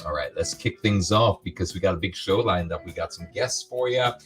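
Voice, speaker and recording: A man's voice: low-pitched, a little fast. A man hosting a live stream in a casual, playful way, greeting his viewers by name. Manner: energetic, playful, reads out viewer names. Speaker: host.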